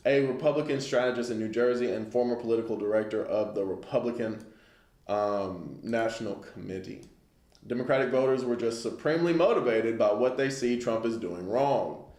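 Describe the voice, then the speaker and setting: A man's voice: mid-range voice, brisk, darkish tone, echoey room. A man giving a casual lesson on the news, talking it through conversationally and often checking in with listeners. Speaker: Bible class teacher.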